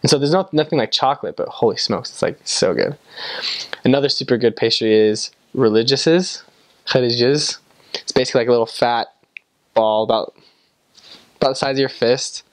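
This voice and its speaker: A young man from the United States talks in a casual, chatty way, leaning on "like" again and again. His voice sits at an ordinary middle pitch. The sound is dry and close, with no room echo. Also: a little fast, pauses often. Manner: chatty, lots of "like" fillers. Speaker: vlogger recalling time abroad. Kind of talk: casual storytelling to camera.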